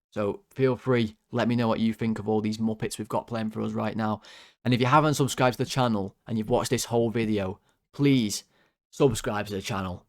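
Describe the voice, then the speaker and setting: A young man hosting a football fan channel, ranting through player ratings, swearing, his voice jumping high when worked up. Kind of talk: player ratings rant to camera.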